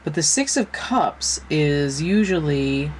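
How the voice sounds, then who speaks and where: In a low, expressive voice, a woman gives a casual tarot reading, taking her time over a faint background noise. She's frank and swears a little, and she keeps firing rhetorical questions at her listeners.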